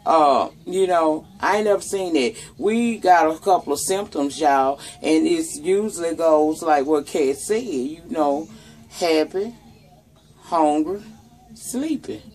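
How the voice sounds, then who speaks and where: A woman's voice: low-pitched, expressive, takes it slowly, a little mellow. Southern lady vlogging about the news, swears a lot, keeps calling her viewers y'all, loose and chatty. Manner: chatty, profane, talks straight to viewers as "y'all". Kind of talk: casual commentary on news and gossip.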